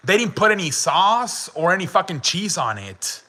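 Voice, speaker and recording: Bright-voiced young man telling a story. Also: high-pitched, sing-song, moderate pace, low-quality recording. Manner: laughing often, swearing, many "like" fillers. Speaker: podcast host. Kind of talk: casual storytelling chat.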